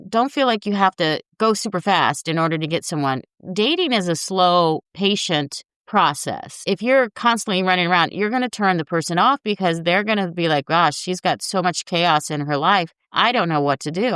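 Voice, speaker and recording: A woman's voice: on the low side, fairly bright tone, clear, resonant tone, dry recording, clean studio sound. A woman host giving casual dating advice in a frank, chatty way, talking straight to her listeners.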